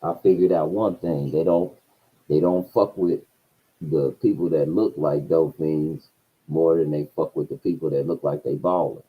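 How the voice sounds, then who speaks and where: A man telling a profane story in a casual rant, his voice swinging between low mutters and loud outbursts. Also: steady tone, normal speed, breathy edge, narrow, tinny audio. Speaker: streamer.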